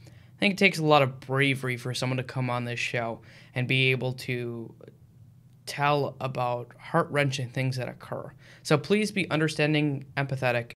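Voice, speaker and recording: Eager male podcast host. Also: mid-range voice. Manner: eager, stumbles and repeats words when excited. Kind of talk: interview host, scripted intro.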